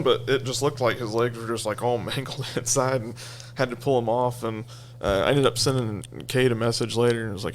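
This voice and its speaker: Casting note: mid-pitched man, lively anecdote, faint hum behind him. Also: fast talker. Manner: animated storytelling. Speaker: guest, track crew worker. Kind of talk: casual chat.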